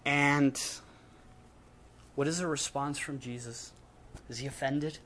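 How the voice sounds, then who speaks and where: A male preacher delivers a sermon in a relaxed, conversational register. His voice sits at an ordinary middle pitch. He leans hard on single words and lets dramatic pauses hang between them. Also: a little hiss or hum.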